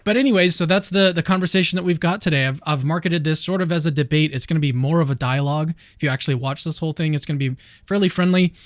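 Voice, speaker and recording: Chatty higher-voiced male host, dry sound. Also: fast talker, few pauses, dry recording. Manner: chatty, upbeat, with many restarts. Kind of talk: casual chat.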